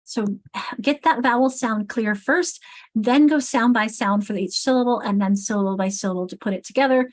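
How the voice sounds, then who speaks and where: A woman's voice: on the high side, moderate pace. A middle-aged woman leading a teacher training session, thinking aloud and correcting herself as she writes on the board. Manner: thinks aloud while writing, self-correcting. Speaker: literacy trainer.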